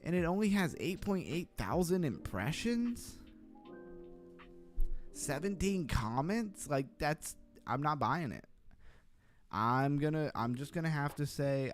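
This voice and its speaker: A man hosting a livestream, giving blunt, skeptical commentary and reacting to viewer comments in a casual chat. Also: mid-range voice. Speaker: crypto livestream host.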